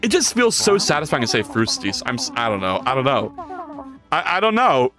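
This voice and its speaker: Over music, a man with a mid-range voice talks a little quickly as he streams himself coding. The livestreamer chats casually and animatedly with viewers, cracks jokes, reads the chat aloud, and rambles.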